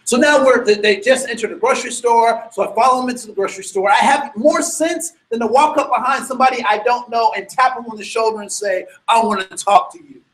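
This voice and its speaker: A man with a very high voice tells a personal story to an audience. He stumbles over repeated words and restarts, then breaks into loud, excited bursts. His delivery is lively and animated. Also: fairly quick, few pauses, rough recording.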